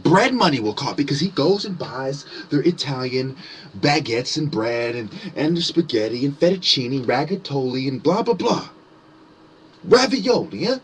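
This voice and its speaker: A man's voice: fairly high pitch, a little hiss or hum. A man ranting to his listeners in a profane, sarcastic, mocking monologue. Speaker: conspiracy commentator.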